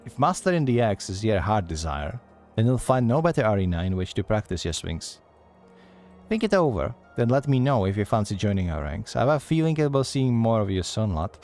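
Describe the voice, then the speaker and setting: With soft background music, a man's lowish, slightly mellow voice swings widely in pitch and runs a little fast. He's playing a teasing female guild receptionist from a game, Scottish accent put on, telling her lines in a folksy, yarn-spinning manner.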